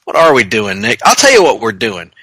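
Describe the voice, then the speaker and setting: Bright-voiced joking male podcast host. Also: on the low side, very animated, a little fast, husky, no echo, rough recording. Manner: joking, rambling, riffs into silly bits. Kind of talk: casual comic book podcast chat.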